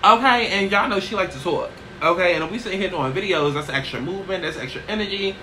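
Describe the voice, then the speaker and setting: A woman chatting casually in a get-ready-with-me vlog, brash and profane, tossing in "okay?" constantly while seated low in a small chair. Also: fast talker, bright, forceful tone, slight background noise, rough recording. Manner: brash, profane, sassy, keeps asking "okay?". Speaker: YouTuber.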